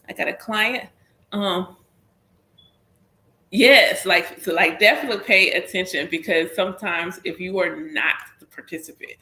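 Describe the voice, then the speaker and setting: A woman's voice: fairly low pitch, pushed and bright. A woman with a Southern US accent chatting casually as a spiritual reader on a livestream, talking in loose, repetitive circles and addressing listeners as y'all. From Southern United States. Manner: chatty, repeats herself, calls listeners y'all. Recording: roomy echo.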